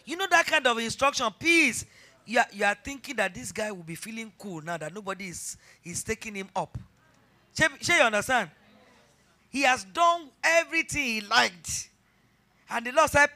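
A woman's voice: a little high, lively intonation, normal speed, pushed and bright. A middle-aged Nigerian woman pastor preaching a sermon, telling a personal story and rising to fervent emphasis.

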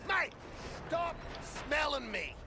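A crude, sarcastic crook from a video game, gravelly and shouty. His voice jumps high and wild, dragging out words slowly. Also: big pitch swings, heavily acted.

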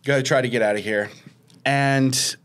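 A man's voice: mid-range voice, steady tone, normal speed, fairly bright tone, clean tone. A man, co-hosting a podcast and telling a story in casual chat, acting out quotes with a raised voice. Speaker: podcast co-host.

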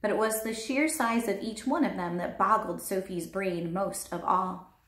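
A woman teacher reading a chapter book aloud in a calm, measured storytelling voice. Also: medium pitch. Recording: roomy echo.

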